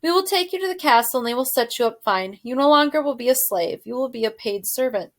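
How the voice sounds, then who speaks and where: A woman's voice: a little high, lively intonation, natural voice. A dutiful soldier of the king, played by a woman reading aloud, firm and formal yet kindly. He raises his voice and spells out each word for a listener who is hard of hearing, in a children's storybook. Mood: loud, patient. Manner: formal, loud, deliberate. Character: the king's soldier, dutiful, stern but kind, male.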